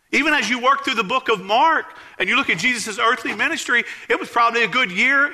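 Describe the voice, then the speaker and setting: A man, preaching a sermon as pastor in a church, earnestly emphatic and dropping low to tell stories. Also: pushed and bright. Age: 40s.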